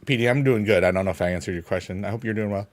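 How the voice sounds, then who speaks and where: A man's voice: lowish voice, rapid-fire. A young man chatting casually on a live stream while gaming, rambling and playful with silly sing-song noises.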